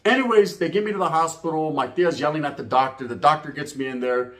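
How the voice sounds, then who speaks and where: A man's voice: fairly high pitch, fast talker, background noise. A man from California, telling a comedic street story with heavy slang and acting out every character. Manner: animated, acts out voices, heavy Chicano slang. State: out of breath.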